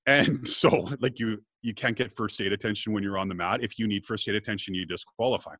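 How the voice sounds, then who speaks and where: A man's voice: lowish voice, a little fast, breathy edge, dry recording. A middle-aged man telling a personal story in casual conversation as a guest, acting out what others said along the way. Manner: lively storyteller, acts out quoted dialogue.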